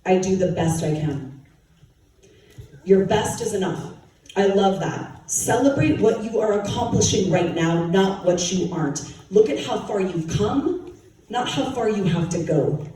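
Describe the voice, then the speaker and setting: Utah lady tv host quizzing the crowd, talks loose and funny, booming hall echo, sounds far off. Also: expressive, a little slow, dark tone. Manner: chatty and playful, quizzes the crowd. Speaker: TV show co-host giving a talk. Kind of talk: humorous motivational talk to a live audience. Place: large hall with an audience. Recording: echoey hall, mic heard from a distance, crowd noise.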